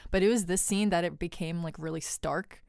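A woman's voice: lowish voice, brisk, gravelly, darkish tone, no room sound, studio quality. A woman co-hosting a casual podcast about a TV show, speaking thoughtfully with lots of "like". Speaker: podcast co-host. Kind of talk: casual TV discussion.

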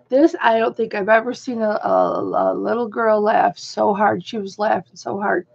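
Rambling husky woman vlogger. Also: fairly high pitch, slow pace, dull audio. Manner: rambling, animated retelling with quoted voices. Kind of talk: casual haul vlog storytelling.

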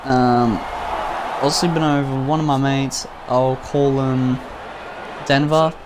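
A man's voice: mid-range voice, steady tone, slow pace, background noise. Rambling young guy telling a story. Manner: rambling, giggly, jumps into loud quoted voices. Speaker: vlogger. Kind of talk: casual storytelling.

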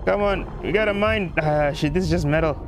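Gaming YouTuber, male, high lively voice with a fake Irish lilt, hollers and cusses at the game over noisy audio. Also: brisk. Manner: jokey put-on Irish lilt; excitable, swearing, yelling at the game. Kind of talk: let's play commentary.

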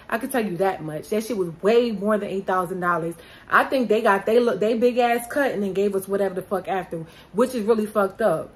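A woman's voice: mid-range voice, low-quality recording. A woman vlogging in casual chat, blunt and profane, talking straight to her viewers.

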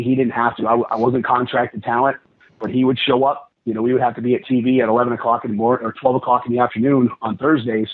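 Guy guest rattling off wrestling-style stories quick, kinda husky, sounds like a tinny phone line. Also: mid-range voice. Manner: rambling, quick, lively with acted-out dialogue. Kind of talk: casual storytelling on a podcast.

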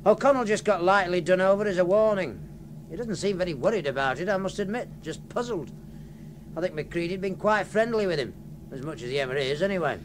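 An actor playing a knowing ship's officer in a radio play, talking matter-of-factly about crew trouble. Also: male voice, high-pitched, animated, brisk, slight background noise, poor audio. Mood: dry. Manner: dry, matter-of-fact.

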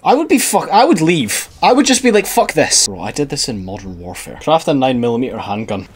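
A man's voice: mid-range voice, very animated, a little fast, husky. A young man giving sarcastic, profane let's-play commentary on a video game, laughing often. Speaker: gaming video creator.

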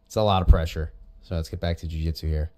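A man's voice: very deep voice, fast. A man commenting on jiu-jitsu rounds as a coach, casual and chatty, giving pointers and praise. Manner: animated, coaching, chatty asides.

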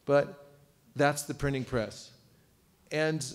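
A man's voice: medium pitch, unhurried, a little hiss or hum. A man giving a live seminar lecture, quizzing his audience and cracking jokes. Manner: lively, quizzes audience, joking asides. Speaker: seminar teacher. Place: temple cultural hall.

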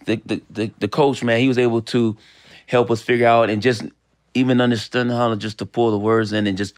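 A man's voice: medium pitch, level tone, brisk. A man from Los Angeles, an actor guest telling stories with many restarts in a casual interview. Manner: rambling storyteller with restarts.

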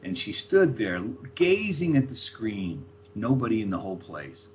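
An older man, a guest author, telling lively anecdotes and acting out the voices of people he quotes. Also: fairly low pitch, normal speed, a little hiss or hum. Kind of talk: storytelling anecdotes.

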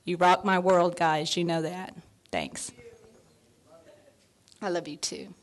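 A woman in her fifties giving a heartfelt, near-tearful award acceptance speech, full of thanks, fillers and soft laughs. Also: lowish voice, fairly even intonation, slow pace. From Texas. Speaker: award honoree.

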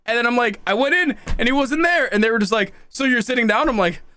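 A young man hosting a casual stream chat, excitable and quick to laugh and yell. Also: extremely high pitch, smooth. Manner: excitable, laughs and yells in bursts. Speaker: streamer host. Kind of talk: casual chat reacting to videos.

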